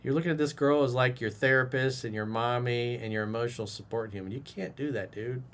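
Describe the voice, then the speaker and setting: A man's voice: mid-range voice, brisk, a bit bright. A man who works as a dating coach, giving blunt, profane advice in a casual monologue and scolding the listener like a buddy. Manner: casual bro-talk, direct address. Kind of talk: advice monologue reacting to a viewer's message.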